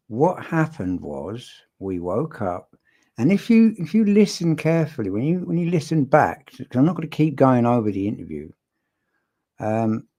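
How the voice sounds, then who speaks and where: A man's voice: mid-range voice, gravelly, warm tone. Blunt man dissecting an interview. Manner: blunt and sardonic, with frequent restarts. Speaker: statement analysis commentator. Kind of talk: casual analytical commentary.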